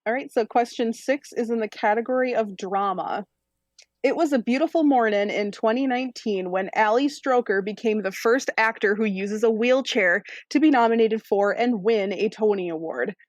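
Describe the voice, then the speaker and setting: A woman hosting a trivia podcast, reading questions in a clear, measured way. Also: on the high side, no echo. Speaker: quiz host.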